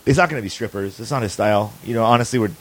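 A man's voice: on the low side, rapid-fire, fairly bright tone. A man hosting a podcast, telling a long story in loose, casual chat, swearing freely and restarting his sentences. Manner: loose, profane and laughing, with frequent restarts. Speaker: podcast host.

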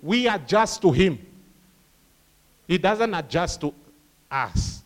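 Male preacher, lively sermon, fairly high voice, acts out voices. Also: slow. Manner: animated, acts out quoted voices, laughs with the crowd.

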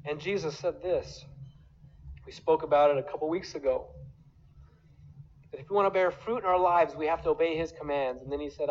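A man's voice: on the high side, a little fast, long pauses, darkish tone, dull audio. A man preaching a sermon as pastor, earnest and emotional, acting out quoted voices.

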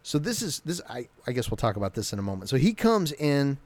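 A man's voice: medium pitch, very animated, fairly quick, dry recording. A man giving a casual, enthusiastic recap of a TV episode, loosely retelling scenes. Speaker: show recap host.

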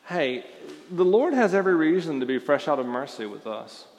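A man's voice: fairly high pitch, very animated, normal speed, darkish tone, long reverb tail. A man preaching a sermon as a pastor, talking in an informal, storytelling way with fillers and restarts. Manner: conversational, with frequent fillers and restarts.

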